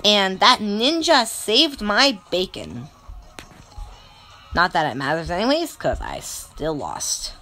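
A woman's voice: medium pitch, very animated, slow, bright, forceful tone. A woman narrating her strategy game play in a melodramatic, self-mocking way. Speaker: gamer. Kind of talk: let's play game commentary.

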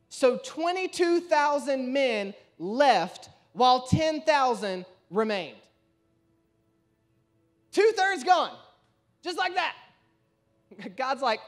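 A male pastor delivering a sermon in a notably high voice. He tells the story in an animated way, acting out the quoted speakers with sudden shifts in loudness and pitch. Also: measured pace.

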